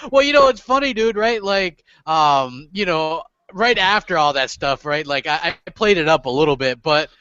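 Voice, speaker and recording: A high-pitched man hosting a gaming podcast, brash and swearing as he tells his stories. The sound is dull and close, with almost no room. It has the feel of a home podcast mic. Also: animated, a little slow, sharp tone, smooth, no echo. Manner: profane, boisterous storyteller. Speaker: podcast host. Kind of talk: casual podcast chat.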